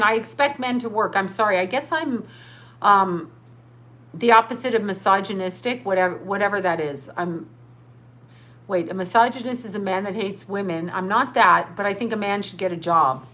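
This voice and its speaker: A woman's voice: medium pitch, moderate pace, sharp tone. A middle-aged woman hosting a casual livestream as a psychic, rambling through viewer comments and breaking into profane outbursts. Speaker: livestream host.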